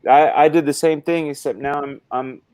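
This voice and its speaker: A man's voice: a little high, steady tone, moderate pace, a crowd in the background. A man hosting a casual live stream, rambling and hesitant with lots of fillers. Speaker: stream host.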